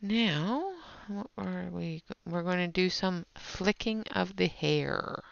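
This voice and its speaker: Woman with a really gravelly voice chatting with her stream while coloring, dry dull lo-fi sound. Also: fairly low pitch, slow pace, no echo. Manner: chatty, talks to viewers in chat while working. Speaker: livestream host. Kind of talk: casual livestream chat while demonstrating colouring.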